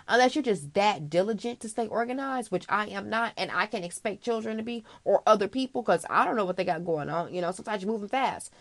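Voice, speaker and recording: A woman giving frank, casual advice straight to the listener, calling them girl, swearing freely and filling her talk with okay and you know. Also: medium pitch. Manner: chatty, full of fillers like okay and you know. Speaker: vlogger giving life advice.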